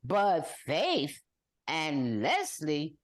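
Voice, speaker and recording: An older woman chats on a podcast with a lively, swooping delivery. Her voice sits low but leaps up when she mimics others with wails. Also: drawn-out words. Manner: animated, mimics people with exaggerated high wails. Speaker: podcast co-host. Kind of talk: casual chat.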